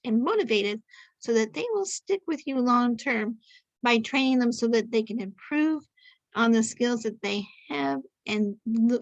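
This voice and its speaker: A middle-aged woman hosting a podcast with a somewhat high voice, talking in a loose, chatty way with plenty of restarts and little jokes. She is heard over a video call, and the sound is dry and close, with no room around it. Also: no room sound, lo-fi sound. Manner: chatty and rambling, self-correcting, joking. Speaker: podcast host. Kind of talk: casual interview introduction.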